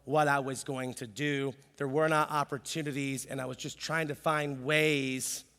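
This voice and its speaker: A man in his thirties preaching a casual, animated sermon as pastor, telling self-deprecating stories with jokes. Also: mid-range voice, moderate pace, big-room sound. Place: church sanctuary.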